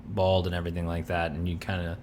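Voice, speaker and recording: A man's voice: deep voice, completely flat delivery, quick pace, darkish tone, a little hiss or hum. A man co-hosting a podcast, chatting casually and rambling as he searches for names. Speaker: podcast co-host. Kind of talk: casual chat.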